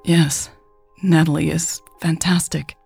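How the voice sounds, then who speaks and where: A remorseful woman who speaks softly and picks her words with care, as a woman narrator voices her. The voice is low and husky with a gravelly edge, close and dry. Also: little pitch movement, slow, dry recording, faint music behind, heavily acted. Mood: hesitant. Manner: hesitant, soft and careful. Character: anxious, remorseful woman on a phone call.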